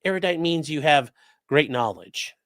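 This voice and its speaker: A man's voice: a little high, animated, moderate pace, fairly bright tone, no room sound, studio quality. A man giving casual live-stream legal commentary, reading chat messages aloud and swearing bluntly. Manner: profane and blunt, swearing freely; breaks off to coax his dogs in a sing-song voice.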